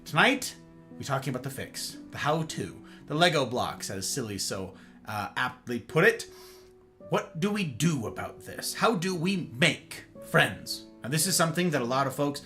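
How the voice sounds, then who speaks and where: A man hosting a casual livestream chat, greeting viewers by name with playful, animated asides. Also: mid-range voice, moderate pace, soft background music. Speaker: livestream host.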